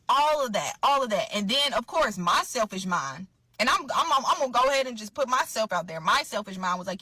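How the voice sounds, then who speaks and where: A woman telling a personal story in an animated way, repeating herself for emphasis and calling her viewers y'all. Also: fairly high pitch, brisk, no room sound. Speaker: storyteller in a clip.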